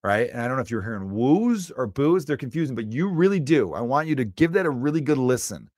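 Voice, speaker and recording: A man's voice: mid-range voice, sing-song, fast, a little mellow, no room sound, studio quality. A man from Chicago, a comedian hosting his own podcast, ranting emphatically and with strong opinions. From Chicago, USA. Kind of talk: solo podcast rant.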